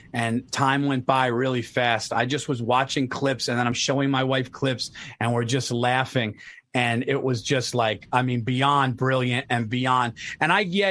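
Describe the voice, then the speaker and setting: A man hosting a casual chat over a video call, retelling stories with animated energy, swearing and saying dude a lot. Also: mid-range voice. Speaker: podcast host.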